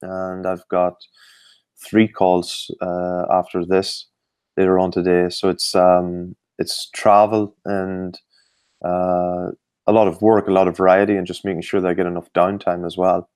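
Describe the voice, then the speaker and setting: A middle-aged Irish man, a performance coach, answering interview questions in a measured, explanatory way with frequent fillers. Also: sits low, completely flat delivery, a little mellow, clear, resonant tone, dry recording.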